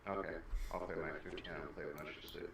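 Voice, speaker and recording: A man on voice chat during a game, talking quickly and offhandedly about gear and builds. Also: extremely low pitch, steady tone, vocal fry. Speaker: fellow player. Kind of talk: casual voice chat. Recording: echoey noisy voice chat.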